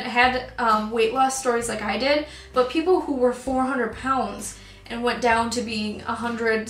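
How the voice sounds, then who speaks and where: A fairly high-voiced young woman talks through a personal story for her vlog, full of ums and restarts, her voice catching with emotion. The room around her is echoey, and soft music plays faintly underneath. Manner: emotional, gets choked up; rambling with many ums. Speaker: vlogger.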